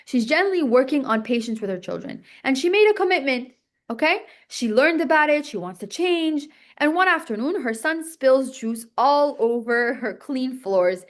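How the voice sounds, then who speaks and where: A woman teaching a class in a bright, chatty manner, her voice sitting a little high. She keeps checking in with her listeners, asking "okay?" and "right?", and rushes through restarts as she explains. She acts out inner voices to make her points. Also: animated. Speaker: teacher of a religious text class. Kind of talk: classroom lesson.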